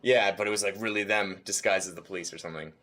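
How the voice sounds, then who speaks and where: A man's voice: deep voice, steady tone, fast, pushed and bright. A man co-hosting a podcast in casual chat, laid-back and hesitant, often asking questions and laughing. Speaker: podcast co-host.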